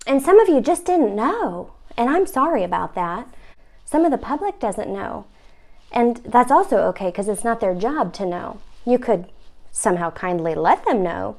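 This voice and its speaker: A woman's voice: mid-range voice, lively intonation, normal speed, a little mellow. A woman hosting a comic instructional video about real estate, talking in a wry, mock-stern, playful way.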